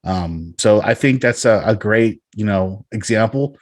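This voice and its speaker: A man's voice: lowish voice, unhurried. Rambling male podcast host. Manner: rambling, lots of fillers and restarts; laughs often. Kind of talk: casual podcast chat.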